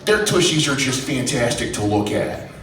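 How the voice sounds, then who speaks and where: A man voicing a sweet, cheeky old grandmother with a Minnesota accent, her folksy voice pitched up high. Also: very animated, moderate pace, distant mic. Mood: coy. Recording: roomy club sound from afar.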